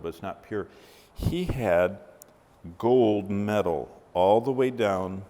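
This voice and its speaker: Man preaching slow, tells stories and quizzes the crowd, voice rings in a big echoey hall. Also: on the low side, mellow, slight background noise. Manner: vivid storyteller, asks the audience questions. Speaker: Bible teacher. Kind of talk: sermon with storytelling. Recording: reverberant hall.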